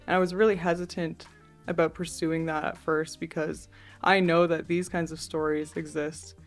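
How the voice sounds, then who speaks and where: A young woman artist, a podcast guest, telling stories in a chatty, relaxed way with many fillers. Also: deep voice, normal speed, faint music behind. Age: young adult. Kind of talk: casual interview storytelling.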